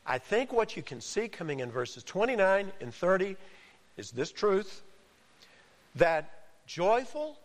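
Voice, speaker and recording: A man preaching a sermon, emphatic, with dramatic pauses and acted-out quotes. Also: high-pitched, big pitch swings, big-room sound. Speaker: pastor.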